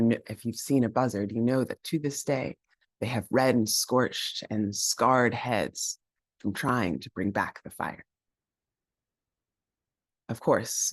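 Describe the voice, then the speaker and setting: A man telling a folk tale aloud in an animated, playful way, with chanted sound effects. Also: mid-range voice, no room sound, studio quality. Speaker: storyteller.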